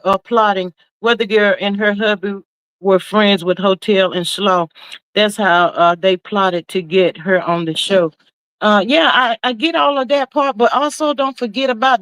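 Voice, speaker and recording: A woman hosts a casual livestream, reading out viewer comments and reacting with sass and flair. Her voice sits in an ordinary middle register. The sound is dry and close, with no room echo. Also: mid-range voice. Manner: sassy, animated, talks to viewers as "child" and "honey". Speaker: livestream host reading chat. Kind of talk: casual chat about reality TV gossip.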